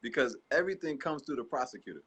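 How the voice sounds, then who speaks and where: A defiant man talks in a casual, animated way. His voice is husky, and his pitch rises and falls a lot. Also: fast. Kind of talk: casual chat.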